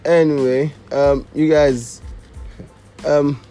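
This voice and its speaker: A man's voice: on the high side, flat delivery, slow pace, mellow, faint music behind. A young man co-hosting a podcast, chatting casually in loose, joking, profane banter. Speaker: podcast co-host. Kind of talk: casual chat.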